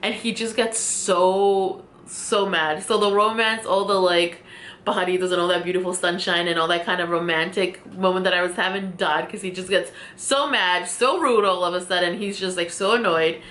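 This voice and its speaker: A woman's voice: lowish voice, steady tone, normal speed, a bit bright. A young woman vlogger telling a story casually while doing her makeup, laughing often and using many fillers. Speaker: beauty vlogger. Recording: echoey room.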